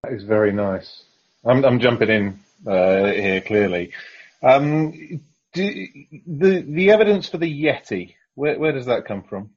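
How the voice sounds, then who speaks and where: Man, hesitant podcast co-host, husky, muffled lo-fi sound. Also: mid-range voice, expressive, unhurried. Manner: hesitant, with many ums and restarts. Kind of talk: casual podcast chat.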